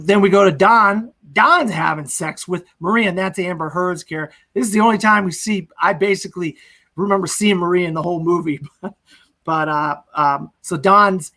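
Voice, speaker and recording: A man's voice: sits high, sharp tone. A man hosting a casual movie discussion podcast, loosely recapping scenes in a chatty way. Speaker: podcast host.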